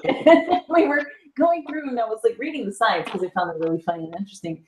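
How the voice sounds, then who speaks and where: A woman from the South, a guest telling an animated story in a casual chat and laughing often. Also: fairly high pitch, fast talker, a little hiss or hum. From US South, Panhandle area. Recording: echoey room.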